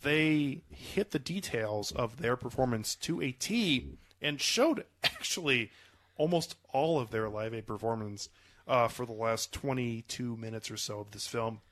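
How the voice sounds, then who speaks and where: A man's voice: mid-range voice, expressive, measured pace, fairly bright tone. A man hosting a casual film review podcast, rambling and hedging with many fillers, with a cold and the odd cough. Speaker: podcast host.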